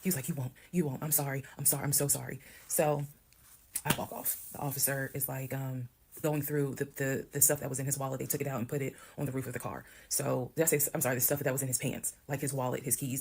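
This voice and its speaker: A woman from Georgia, telling a personal story to camera in a lively way and acting out the voices of the people in it. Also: very deep voice, quick pace, gravelly, slight background noise. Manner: animated, acts out quoted voices. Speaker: storyteller in a TikTok clip. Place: played clip heard on a stream.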